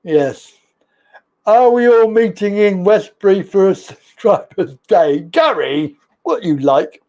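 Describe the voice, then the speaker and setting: A man hosting a live stream, easygoing and talkative. His voice sits high for a man, and he takes his time, drawling through greetings and chat comments with frequent chuckles. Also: lively intonation, slow, a little mellow, dull audio. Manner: chatty, reads viewer comments aloud, laughs often. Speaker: live-stream talk show host.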